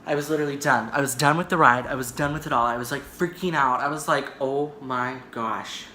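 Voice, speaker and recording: A man's voice: on the high side, steady tone, quick pace, pushed and bright, a little hiss or hum. A man vlogging on camera indoors, telling a story in a dramatic, rambling way and often checking in with "right?". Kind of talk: storytime vlog. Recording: echoey room.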